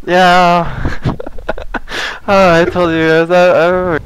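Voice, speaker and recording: A man's voice: high-pitched, monotone, drawn-out words, smooth, rough recording. A man casually telling a rambling, profane story to friends, laughing through it.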